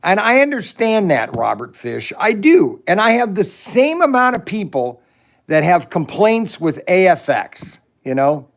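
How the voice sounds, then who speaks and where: Casting: middle-aged male livestream host, slow and gravelly delivery, rambling chat. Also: high-pitched, big pitch swings. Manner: rambling, chats with viewers' comments. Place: shed.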